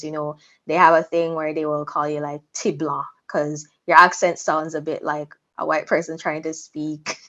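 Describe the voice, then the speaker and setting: A woman's voice: deep voice, a bit bright. A woman hosting a casual discussion, talking frankly and laughing easily. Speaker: host. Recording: dull lo-fi sound.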